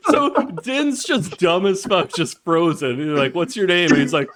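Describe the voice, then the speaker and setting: A man's voice: fairly high pitch, sing-song, normal speed, background noise. A man co-hosting a podcast in casual chat, recapping scenes, quoting characters and laughing often. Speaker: podcast co-host.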